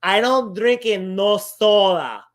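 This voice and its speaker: Man doing a stubborn old grandma, slow broken English, raised voice. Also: high voice, fairly bright tone. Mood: stubborn denial. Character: elderly Cuban grandmother, feisty, stubborn.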